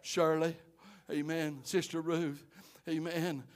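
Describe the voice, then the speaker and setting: A male pastor, preaching a sermon that swells from quiet storytelling into loud, shouted exhortation. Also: on the high side, level tone, slow.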